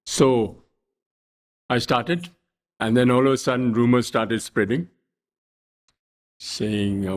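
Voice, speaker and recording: An older man from India, a guest telling wry stories in an unhurried, anecdotal way in an interview. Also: mid-range voice, steady tone. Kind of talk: storytelling interview.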